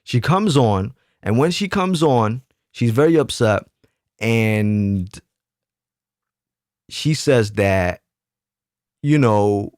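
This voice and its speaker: A man's voice: mid-range voice, lively intonation, extremely slow, pauses often, darkish tone, no echo. Emphatic man telling a story, dry sound. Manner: emphatic, keeps asking "right?". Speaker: YouTube commentator. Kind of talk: casual storytelling monologue.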